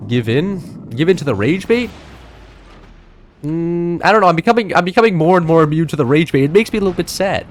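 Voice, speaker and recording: A man's voice: a little high, lively intonation, fairly quick, a little hiss or hum. A young man from the United States streaming a game, chatting casually with viewers in rambling, filler-heavy talk that keeps restarting itself. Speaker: gaming streamer. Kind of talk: casual live-stream chat while playing.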